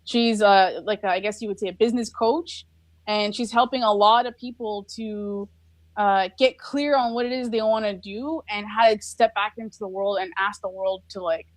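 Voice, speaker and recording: A woman's voice: medium pitch, fairly even intonation, moderate pace, dry recording. A woman speaking as a guest on a podcast, in an earnest, reflective casual conversation full of filler likes. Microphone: recorded over a live video call.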